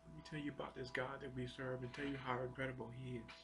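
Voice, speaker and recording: Gravelly man, halting testimony. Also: mid-range voice, flat delivery, noisy background. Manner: halting, repeats words and restarts often; earnest and confessional. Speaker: storyteller sharing a personal testimony. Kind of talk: personal spiritual testimony.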